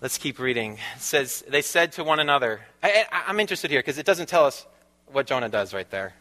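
Bright-voiced chatty preacher in an echoing hall. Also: male voice, mid-range voice, sing-song, a little fast. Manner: chatty, laughs often, asks the congregation questions. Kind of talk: conversational sermon. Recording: long reverb of a large hall.

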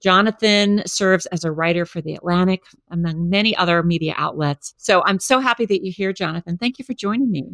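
Low-voiced woman interview host. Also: a little fast, few pauses, fairly bright tone, dry recording.

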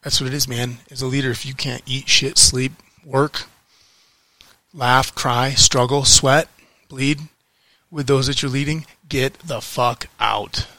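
A man ranting in a frustrated vlog, heated and swearing, repeating phrases for emphasis with weighty pauses. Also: mid-range voice, steady tone, bright, forceful tone, no room sound. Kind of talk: frustrated political rant to camera.

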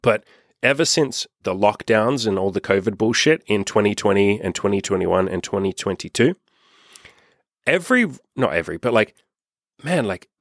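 A man's voice: fairly low pitch, expressive, moderate pace, a bit bright, no echo, clean studio sound. A young Australian man coaching in a blunt, profane, casual monologue. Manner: blunt, profane, repetitive emphasis. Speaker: self-help coach.

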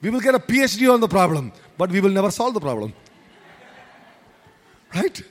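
A man's voice: high-pitched, sing-song, fairly quick, long reverb tail. A man preaching a sermon as pastor, emphatic and repetitive, with many rhetorical questions. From India.

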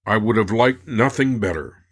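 A man narrating, reading old personal letters aloud in a measured, unhurried way. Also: lowish voice, expressive, fairly bright tone, breathy edge.

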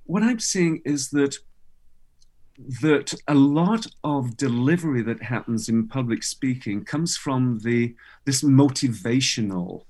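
A man's voice: mid-range voice, lively intonation, slow pace, a little mellow. A man hosting an interview, agreeing with his guest and asking follow-up questions. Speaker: interview host. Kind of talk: interview conversation.

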